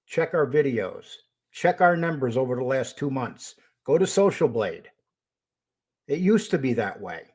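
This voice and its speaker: A man's voice: on the high side, a little mellow, husky. An older man hosting his own live stream, greeting viewers by name and speaking bluntly and argumentatively. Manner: greets viewers by name, then turns confrontational. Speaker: host of a live stream show. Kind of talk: casual live-stream talk.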